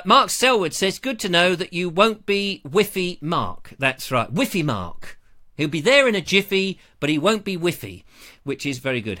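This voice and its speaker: A man's voice: a little high, sharp tone. A man hosting a casual livestream, jokey and rambling, chatting into a lavalier mic. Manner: jokey, rambling, slips into silly voices. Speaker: livestream host.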